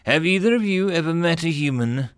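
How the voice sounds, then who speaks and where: A man's voice: a little high, expressive, brisk, clean tone, no echo, clean studio sound, voice pushed up, lightly acted. A man voicing a nervous, bitter male alien starship captain in an audiobook story. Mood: anxious. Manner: anxious, bitter.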